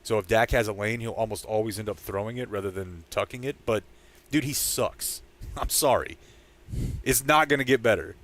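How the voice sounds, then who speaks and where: A man chatting casually on a sports podcast. He tells a story with easy energy and breaks into loud shouts when he quotes fans in the stands. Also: lowish voice, moderate pace. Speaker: podcast co-host. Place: training camp site.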